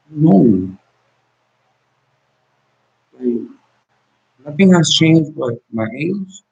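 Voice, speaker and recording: In a dull lo-fi recording, a man addresses the camera directly in an intense, emotional monologue, alternately pleading and confrontational, often repeating himself and starting over. His medium-pitched voice is warm with a breathy edge.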